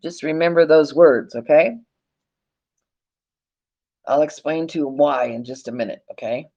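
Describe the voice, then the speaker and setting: A woman's voice: low voice, unhurried, dark tone. Emphatic woman lecturing on dull audio. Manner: emphatic, addresses listeners as folks, swears casually. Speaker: online presenter. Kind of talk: animated teaching monologue.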